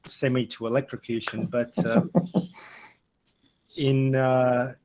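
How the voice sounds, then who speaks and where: A middle-aged man with an Adelaide Australian accent, chatting casually through a webinar about accents, relaxed and anecdotal, with frequent fillers. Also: mid-range voice, slow, background noise. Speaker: guest speaker. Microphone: video call.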